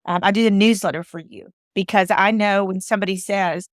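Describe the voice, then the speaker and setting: Southern lady podcast host, earnest and emotional, preachy pleas, mid pitch, dry close sound. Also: steady tone, brisk, dry recording. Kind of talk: heartfelt podcast monologue.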